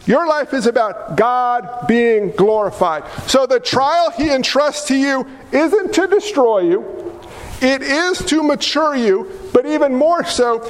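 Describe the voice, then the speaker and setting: Male pastor, very high voice, emphatic folksy sermon delivery, reverberant church hall. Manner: emphatic, folksy, with sudden swings in pitch.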